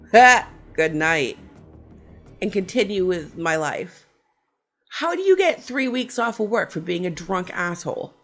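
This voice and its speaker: A middle-aged woman ranting casually on her horror vlog, sarcastic and profane as she tells stories. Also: mid-range voice. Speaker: horror vlogger. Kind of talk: casual rant.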